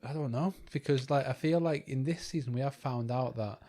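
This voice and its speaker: A man's voice: mid-range voice, brisk, warm tone. A young man co-hosting a podcast, talking casually and hesitantly, often restarting his sentences with fillers. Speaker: podcast co-host. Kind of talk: casual chat.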